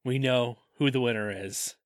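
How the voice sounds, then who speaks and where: A man's voice: mid-range voice, moderate pace, no echo. A man co-hosting a podcast in casual chat, making dry, wry jokes. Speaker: podcast co-host.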